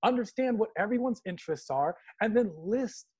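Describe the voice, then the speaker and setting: High-voiced man on a video call. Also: normal speed, breathy edge. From Washington, D.C. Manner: animated storyteller, slips into mock voices. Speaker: panelist. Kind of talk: casual panel talk with humor.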